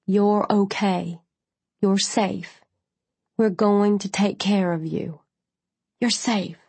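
A woman's voice: a little high, fairly even intonation, unhurried, dry recording, lightly acted. A woman voicing a serious young female paramedic who asks clipped, urgent questions. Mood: soothing.

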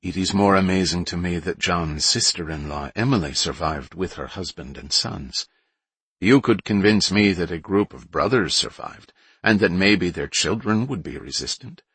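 A composed woman survivor speaking in a measured, formal way, as a male narrator reads her. He barely shifts his deep, husky voice for her. The read is dry and close. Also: fairly bright tone, no room sound, full character voice. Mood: wondering.

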